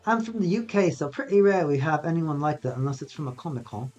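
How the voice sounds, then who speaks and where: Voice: mid-range voice, animated, fast talker, a little mellow, highs cut off, soft background music, lightly acted. A streamer doing a playful mock British accent to voice a chat viewer from the UK. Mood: teasing.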